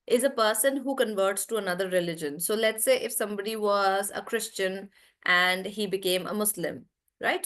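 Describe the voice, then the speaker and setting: Lady teacher, kinda high voice, online class, explains patiently and stretches out the key words. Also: normal speed, fairly bright tone. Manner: talks straight to the students. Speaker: English teacher.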